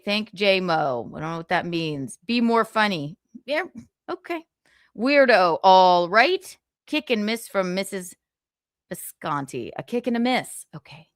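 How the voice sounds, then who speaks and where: A brash, profane woman hosts a casual livestream and reads her viewers' comments aloud, giggling often. Her voice sits a little high, and the close mic keeps the sound dry with no room echo. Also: a bit bright. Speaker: livestream host.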